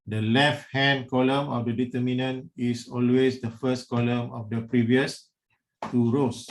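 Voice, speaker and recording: A man's voice: mid-range voice, a little mellow. A man with a Malaysian English accent teaching an engineering class online, explaining step by step and calling on students by name. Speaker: engineering lecturer.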